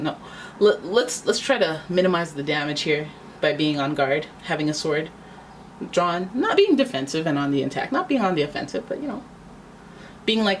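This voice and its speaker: Chatty low-voiced woman reading tarot. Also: a little hiss or hum. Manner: chatty, dramatic, acts out little voices. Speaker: tarot reader.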